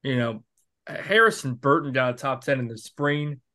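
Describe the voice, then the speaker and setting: Guy in his 30s chatting sports bets, kinda rambly, keeps correcting himself, middle-pitched voice. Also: moderate pace, bright, forceful tone. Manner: rambling, self-correcting, thinks aloud. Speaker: podcast co-host. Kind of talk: casual sports betting chat.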